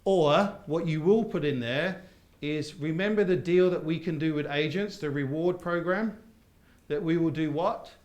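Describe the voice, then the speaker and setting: Brief: upbeat man, slightly high voice, runs a live training room, echoey hall. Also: a little slow. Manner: lively, quizzes the audience with call-and-response. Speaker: property course trainer. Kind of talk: live seminar teaching. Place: seminar room with audience. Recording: roomy seminar hall sound.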